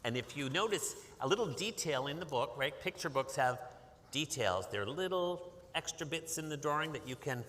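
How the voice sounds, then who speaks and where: A man from Massachusetts reads a picture book to a young audience in a bright, forward voice. He coaxes the children to join in and keeps the pace lively. A long reverb hangs in the hall around him. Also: a little high, normal speed, slight background noise. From Massachusetts, USA. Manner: lively, coaxing, invites call-and-response. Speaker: author reading to children. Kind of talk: interactive picture-book reading.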